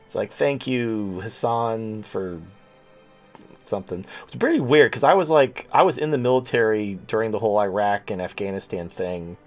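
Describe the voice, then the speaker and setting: A man's voice: lowish voice, fairly quick, few pauses, soft background music. A man hosting a livestream show, ranting in a profane, sarcastic, rambling way. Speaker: show host. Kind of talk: livestream rant.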